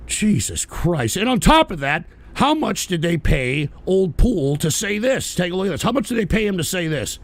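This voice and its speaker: A man hosting a live political stream, ranting with profane, scornful outbursts that rise into shouts. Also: high voice, sing-song, moderate pace, hardly any pauses. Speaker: host.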